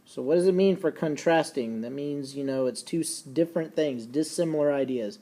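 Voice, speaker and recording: A man teaching a recorded lesson, folksy and casual, slowing down and repeating key points so students can take notes. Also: on the high side, warm tone. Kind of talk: recorded classroom lecture.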